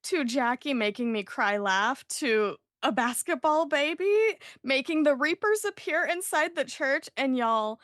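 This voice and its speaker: A woman, hosting a podcast and retelling an episode in an animated way, acting out the characters' lines. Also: high-pitched, unhurried, few pauses, no room sound, studio quality. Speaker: podcast host recapping an episode. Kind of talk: casual podcast recap.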